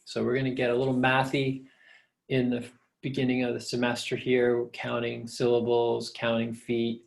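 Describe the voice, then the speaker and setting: A man's voice: mid-range voice, completely flat delivery, moderate pace, vocal fry. A middle-aged man, a professor, patiently explaining step by step in a recorded lecture.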